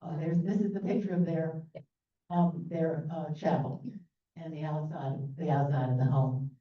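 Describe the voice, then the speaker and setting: A woman's voice: deep voice, steady tone, moderate pace. A woman from New Orleans giving a history talk with slides, chatty and loose, with fillers and asides. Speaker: presenter. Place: meeting room. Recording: echoey, distant, phone-like sound.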